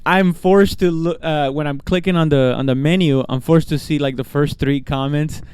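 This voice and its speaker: A young man co-hosting a casual podcast, telling stories with halting restarts and frequent laughter. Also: on the high side, fairly even intonation, darkish tone, a little hiss or hum. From Texas. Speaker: podcast co-host. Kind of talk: casual chat.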